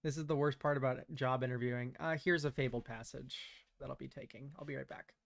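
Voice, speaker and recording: A young man giving relaxed, chatty commentary while playing a card game, laughing often and using casual slang. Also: mid-range voice, fast, creaky, no echo, clean studio sound. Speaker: streamer.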